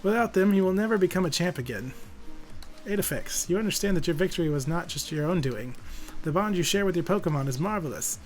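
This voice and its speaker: Guy doing an old grandfatherly game professor, high and drawn-out, proudly congratulating; shift+. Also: lively intonation, faint music behind. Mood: solemn. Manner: slow, sing-song congratulating.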